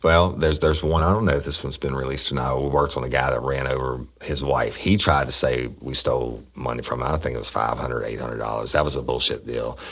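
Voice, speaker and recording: A man's voice: rumbling low, fairly even intonation, a little fast, hardly any pauses, fairly bright tone. A middle-aged man, a former police officer, telling rambling, profane stories in casual talk. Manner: rambling, profane, with frequent restarts. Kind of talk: casual storytelling.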